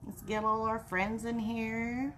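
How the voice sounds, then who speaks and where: Woman craft live-streamer, bubbly, slightly high voice, slow and friendly, faint hum behind. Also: level tone, a bit bright. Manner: bubbly, greets viewers by name with little cheers. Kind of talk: chatty live-stream greetings.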